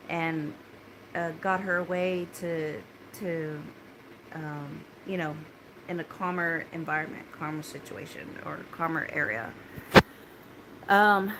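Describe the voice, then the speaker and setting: Low-voiced woman telling a story. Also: noisy background. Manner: rambling, many restarts and fillers, urgent retelling. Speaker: concert survivor telling her story. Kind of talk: casual spoken account to a phone. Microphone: phone held close.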